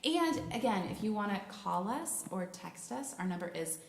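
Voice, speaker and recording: A young woman co-hosting a podcast, chatting in a bubbly, gushing way with quick asides. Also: mid-range voice, sing-song, creaky. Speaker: podcast co-host. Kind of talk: casual chat. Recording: roomy echo.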